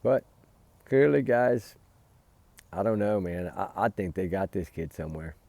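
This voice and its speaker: A man's voice: deep voice, animated, a little slow, dark tone, dry recording. A man giving heated, emphatic casual commentary as a vlogger, recorded outdoors by a fire at night. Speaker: true-crime vlogger.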